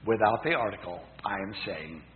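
A middle-aged man preaching a sermon, teaching in a lively way and asking his congregation questions. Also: fairly low pitch, moderate pace, a little hiss or hum. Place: church hall. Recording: tinny, echoey hall recording.

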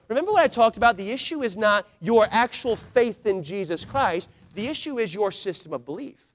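A man preaching a sermon as pastor, swinging between loud declarations and hushed asides, drawing out key phrases for emphasis. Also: high voice, sing-song, normal speed.

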